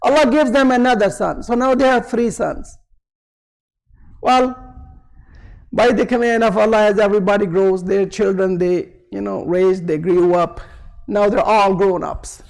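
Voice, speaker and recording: Male preacher doing a story sermon, chatty w/ lots of asides, really high voice for a guy. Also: steady tone, unhurried, vocal fry, low-quality recording. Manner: conversational, with frequent asides. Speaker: religious preacher.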